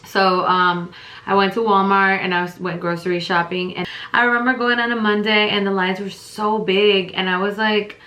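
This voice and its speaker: Bright-voiced woman rambling in a roomy echo. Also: mid-range voice, little pitch movement, moderate pace. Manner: rambling, filler-heavy retelling. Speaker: vlogger. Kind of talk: casual storytime.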